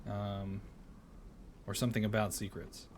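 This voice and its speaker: A man streaming a game, chatting casually and reading a storybook aloud in a playful, animated way. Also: lowish voice, measured pace, a little hiss or hum.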